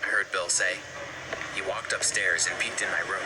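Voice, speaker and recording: A man reading a scripted first-person story in an earnest, steady way for an animated video. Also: low-pitched, moderate pace, heavy background noise. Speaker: narrator. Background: background music.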